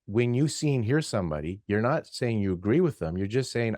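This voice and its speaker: Low-voiced male podcast host, dry sound. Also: lively intonation, a little fast, darkish tone, dry recording. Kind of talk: conversational interview.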